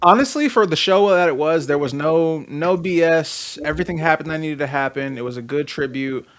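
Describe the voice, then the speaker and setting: Laughing, animated man telling stories. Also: fairly high pitch, brisk. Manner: animated storyteller, laughs often, sings snatches of songs. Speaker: podcast co-host. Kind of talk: casual wrestling podcast chat.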